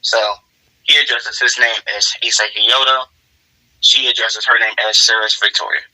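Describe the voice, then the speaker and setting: A man's voice: mid-range voice, level tone, normal speed, bright, forceful tone, low-quality recording. A man casually improvising a role-play story with lots of fillers. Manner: casual, rambling, many fillers.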